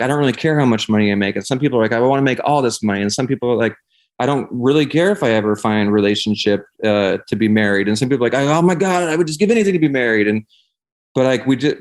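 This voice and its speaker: Young guy on a podcast, kinda low voice, rambles and swears, says like constantly. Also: vocal fry. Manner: rambling, profane, heavy use of "like". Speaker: podcast guest, singer and life coach. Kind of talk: casual conversation.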